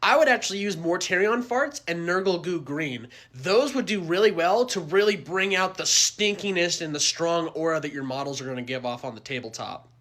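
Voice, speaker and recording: A man playing an exasperated tabletop gamer who talks in an animated, exclaiming way, in a comedy skit. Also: fairly high pitch, normal speed, hardly any pauses. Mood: enthusiastic.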